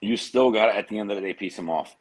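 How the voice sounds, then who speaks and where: In a casual interview, an American guest spins stories in streetwise slang, wandering off on long tangents. His voice sits on the low side, and the recording is rough.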